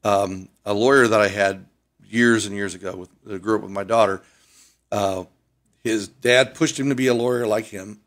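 An older man from Ohio with an Ohio accent, a pilot guest on a radio interview, chatty and animated as he tells stories. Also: fairly low pitch. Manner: chatty storyteller, animated, fond of doing accents. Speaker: air show pilot.

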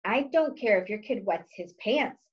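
A woman's voice: mid-range voice, lively intonation, normal speed, lo-fi sound. A woman reading her own book aloud in a wry, sarcastic, exasperated tone. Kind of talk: audiobook-style reading.

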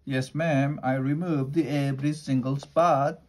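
A man voicing a simple-hearted, literal-minded housemaid in a homey, folksy drawl, a little above his usual pitch. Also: fairly even intonation, slow, close to an everyday voice.

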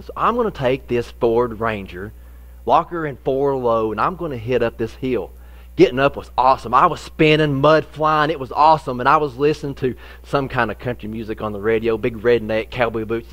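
A middle-aged male pastor with a drawl, telling a homespun story from the pulpit. His voice sits at an ordinary pitch, and a low electrical hum runs under the recording. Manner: folksy storytelling, animated in the funny parts, softer when serious. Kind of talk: sermon with personal story.

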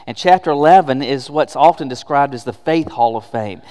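A man's voice: medium pitch, normal speed, dark tone, clear, resonant tone, big-room sound. A man preaching a sermon as pastor, emphatic and conversational, asking rhetorical questions. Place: church sanctuary.

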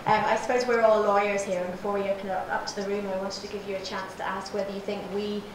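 Woman moderator, polite, flat tone, distant mic, noisy room. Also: medium pitch, very echoey. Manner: polite, measured. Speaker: event moderator. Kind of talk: formal thanks and Q&A introduction.

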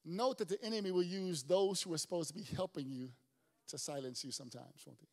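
High-voiced preacher man in a reverberant hall. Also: brisk. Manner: dynamic preacher, swings from shouting to near-whispers. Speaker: pastor. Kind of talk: sermon.

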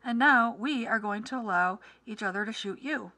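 A woman's voice: a little high, moderate pace, pushed and bright. A woman reading as a stern talking duck.

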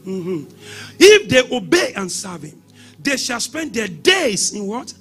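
A man preaching a sermon as pastor, shouting exhortations and breaking into sing-song lines. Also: very high voice, big pitch swings, slow pace, husky, soft background music.

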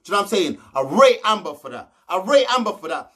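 Young man, high voice; casual brash recap vlogger, slangy and sweary. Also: sing-song, fast talker, bright, forceful tone, breathy edge. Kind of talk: casual episode recap commentary.

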